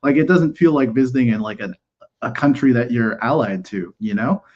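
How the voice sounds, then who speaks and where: A man's voice: mid-range voice, fairly quick, darkish tone, dull audio. A man in casual political podcast chat, opinionated and ranting, with lots of "like" and swearing.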